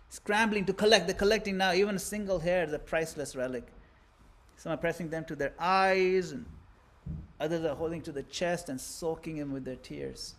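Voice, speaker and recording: A man giving a religious lesson, narrating a scene vividly with theatrical swings between loud and hushed delivery. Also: fairly high pitch. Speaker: religious teacher. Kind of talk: dramatic storytelling lecture.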